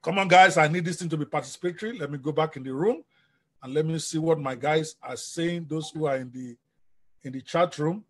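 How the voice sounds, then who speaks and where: A man giving an energetic live-stream business coaching talk, often asking his audience questions. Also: a little high, a little fast, slightly rough.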